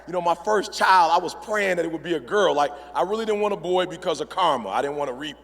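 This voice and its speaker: Gravelly, high-voiced man preaching to a hall. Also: fast, fairly bright tone. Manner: preacherly, punchy call-and-response. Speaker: motivational speaker. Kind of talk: motivational speech. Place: large event hall. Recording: long hall reverb.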